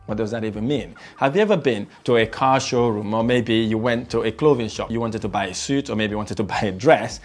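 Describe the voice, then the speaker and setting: A man teaching sales techniques as a trainer, shifting his pace and loudness to stress points and repeating words for emphasis. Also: lowish voice, brisk, few pauses, faint music behind. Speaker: sales trainer and property investor. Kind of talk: motivational sales lesson.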